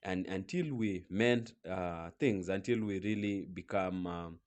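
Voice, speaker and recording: A man from Africa giving reflective commentary in an earnest, measured way, pausing often to pick his words. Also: low-pitched, a little mellow.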